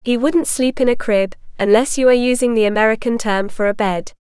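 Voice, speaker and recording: A woman's voice: fairly high pitch, fairly quick, a little mellow, clean tone, no room sound, studio quality, lightly acted. A woman reading the part of a puzzled, exasperated man on the phone, with incredulous questions. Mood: bewildered.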